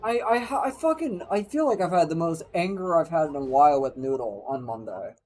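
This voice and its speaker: A man's voice: fairly high pitch, expressive, a little fast, darkish tone, slight background noise, poor audio. A young man streaming a game live, ranting and swearing constantly at what happens on screen. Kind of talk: live gaming commentary.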